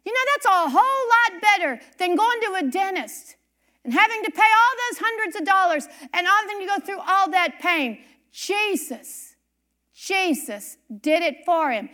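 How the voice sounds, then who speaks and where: A middle-aged woman preacher telling a personal story in a sermon, animated and emphatic, repeating key lines. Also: extremely high pitch, moderate pace. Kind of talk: sermon testimony.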